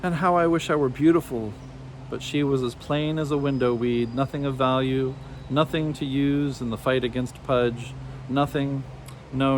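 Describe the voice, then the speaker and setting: Man, storybook narrator, expressive, measured, faint hum behind. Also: mid-range voice. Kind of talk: storybook reading aloud.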